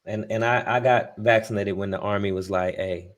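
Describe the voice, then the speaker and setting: Male co-host, relaxed and explanatory, thinking out loud. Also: on the low side, brisk. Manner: explanatory, thinks aloud with fillers. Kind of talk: casual podcast chat.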